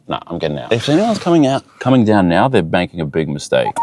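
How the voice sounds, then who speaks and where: Guy vlogging in his car, lowish voice, swears a ton, engine noise all over the camera audio. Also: fast talker, hardly any pauses. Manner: excited, swears a lot, talks to himself. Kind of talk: casual travel vlog. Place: in a small car on a mountain road.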